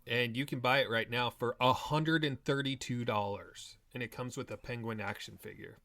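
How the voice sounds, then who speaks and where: A man co-hosting a podcast, adding quick asides and facts in casual chat. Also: mid-range voice, sharp tone. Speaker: podcast co-host.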